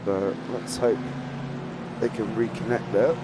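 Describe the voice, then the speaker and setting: A man's voice: on the low side, a little slow, very noisy. A man commentating on a live esports race, chatty and joking with his co-host, with calls that build as the cars go by. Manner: chatty, jokey, climbs to excited shouts at race starts. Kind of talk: live sim racing commentary.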